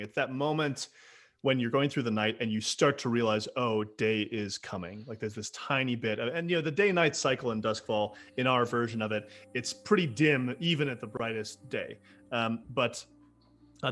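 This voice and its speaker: A man narrating as game master for a tabletop game, in a casual, halting way with many fillers. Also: mid-range voice, fairly bright tone.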